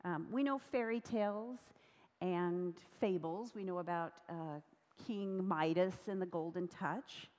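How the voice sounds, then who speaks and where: A woman from the United States preaching a sermon, telling a story in a slow, measured way. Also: lowish voice, darkish tone. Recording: long reverb of a large hall.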